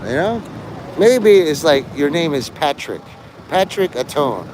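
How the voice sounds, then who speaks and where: A man's voice: fairly high pitch, big pitch swings, unhurried, darkish tone, slight background noise. A man live-streaming in a rambling, sarcastic and profane way, mocking a chat viewer. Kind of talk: rambling livestream banter.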